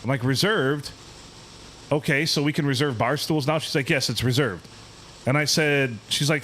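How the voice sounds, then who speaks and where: A man's voice: mid-range voice, moderate pace, fairly bright tone, a little hiss or hum. Ranting, profane man telling a story. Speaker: podcast host. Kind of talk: casual podcast storytelling.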